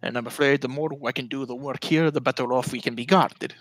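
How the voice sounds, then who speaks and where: A man's voice: mid-range voice, steady tone, fast, no room sound, close to an everyday voice, low-quality recording. A man voicing a scheming male wizard who speaks politely and condescendingly, in a tabletop game.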